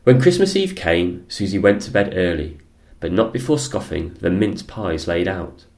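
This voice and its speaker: A man reading a children's picture book aloud, unhurried and expressive. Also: deep voice. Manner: unhurried, expressive, sing-song storytelling. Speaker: storyteller.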